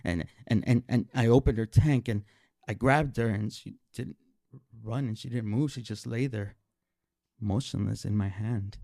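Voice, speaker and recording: A man telling a personal story live on stage, animated and emotional, often stammering and repeating his words. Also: on the low side, normal speed, vocal fry, no room sound, studio quality.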